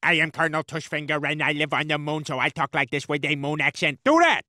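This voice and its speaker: An excitable cartoon pitchman. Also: fairly quick, no echo, clean studio sound, full character voice. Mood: exasperated. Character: eager adult male would-be TV writer, excitable.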